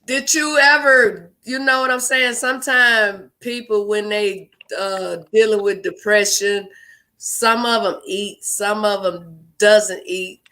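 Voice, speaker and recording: A man's voice: high-pitched, steady tone, slow pace, pushed and bright. A man co-hosting a talk show, chatting loosely with rambling, slangy phrasing. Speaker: co-host. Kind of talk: casual talk show chat.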